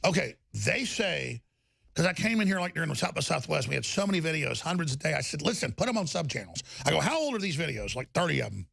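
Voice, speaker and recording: A man hosting a live talk show, bantering loudly and breaking into mock British orator voices. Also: fairly high pitch, big pitch swings, fast talker, vocal fry, husky, no echo. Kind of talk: bantering live broadcast chat.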